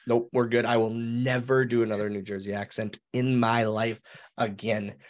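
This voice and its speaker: A man in his thirties recounts an old backstage story in a casual interview. He rambles and restarts, piling on fillers with animated energy. His voice sits at an ordinary middle pitch. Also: normal speed. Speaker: interview guest, former wrestler.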